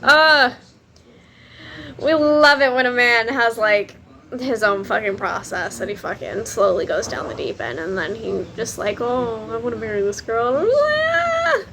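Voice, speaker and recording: A woman's voice: medium pitch, moderate pace, creaky, a crowd in the background. A young woman, chatting casually to camera about books, swearing freely and laughing often. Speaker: book vlogger.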